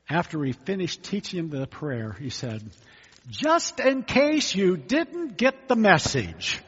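In an echoey hall captured with dull lo-fi sound, a husky man of medium pitch delivers a sermon. As a pastor, he speaks conversationally and poses rhetorical questions.

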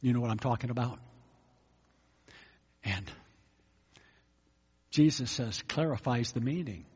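A man's voice: mid-range voice, measured pace, a little mellow, slightly rough. A pastor giving a sermon in a conversational way, asking his listeners rhetorical questions. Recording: echoey hall, dull lo-fi sound.

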